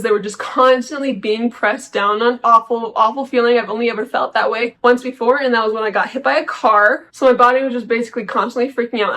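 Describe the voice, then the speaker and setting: A woman's voice: a little high, a bit bright, low-quality recording. A young woman vlogging, telling a personal story in a chatty, candid, self-mocking way with lots of fillers. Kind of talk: casual storytelling.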